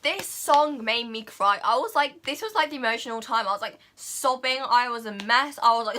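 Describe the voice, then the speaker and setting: A young woman chatting excitedly as a vlogger, gushing and filling her talk with "like" and "oh my God". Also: a little high, fairly quick. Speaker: vlogger reviewing a film. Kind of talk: casual chat.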